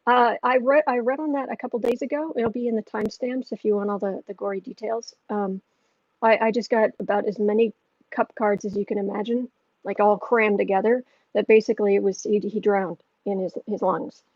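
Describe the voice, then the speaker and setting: A woman's voice: medium pitch, fairly even intonation, a little fast, a little mellow, no room sound. A woman hosting a tarot livestream, reading viewer questions aloud in a blunt, rambling, opinionated way. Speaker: tarot reader and channel host. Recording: dull lo-fi audio.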